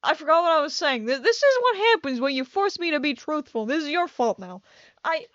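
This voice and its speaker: High-pitched young gamer girl rambling, keeps restarting herself, headachey, kinda dull dry mic sound. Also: sing-song, fairly quick, a bit bright, dry recording. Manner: scatterbrained, self-mocking, restarts often. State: has a headache. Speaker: gaming YouTuber. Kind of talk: rambling casual gameplay commentary.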